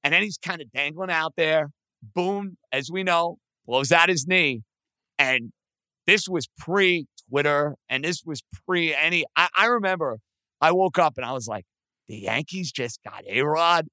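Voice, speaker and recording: A man with a somewhat high, smooth and bright voice in casual sports talk. He tells stories steadily, recorded dry and close. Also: unhurried, no room sound. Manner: storytelling, steady, sets up points for his co-host. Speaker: podcast co-host.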